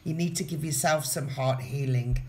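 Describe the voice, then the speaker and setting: This woman's voice is extremely low and a little mellow, at a moderate pace. Giving an informal tarot reading, she chats directly to the viewer, repeating her phrases as she goes.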